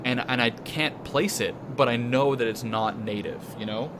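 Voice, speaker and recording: A man's voice: mid-range voice, normal speed. Young canadian dude chatting and cursing on his game stream, lots of hiss behind. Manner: rambling, chatty, swears freely. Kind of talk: casual gaming stream chat.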